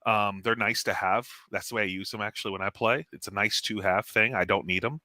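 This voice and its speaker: Bright-voiced man, blunt casual gamer talk. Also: lowish voice, a little fast, dry recording. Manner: animated, laughs often, confident and blunt. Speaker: guest tournament player. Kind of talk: casual gaming strategy chat.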